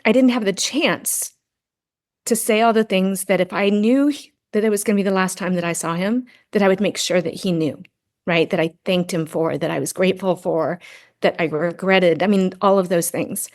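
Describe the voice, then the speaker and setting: A woman's voice: on the low side, moderate pace, darkish tone. Middle-aged woman telling a story earnestly. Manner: earnest storytelling, frequent "right?" tags. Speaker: podcast guest, grief and Gestalt practitioner. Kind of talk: casual interview conversation.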